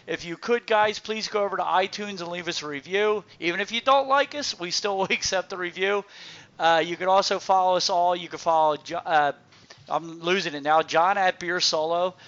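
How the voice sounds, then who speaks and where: A man's voice: high-pitched, moderate pace, fairly bright tone. A man hosting a podcast, chatting casually and laughing easily. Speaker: podcast host. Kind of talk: casual chat. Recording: dull lo-fi audio.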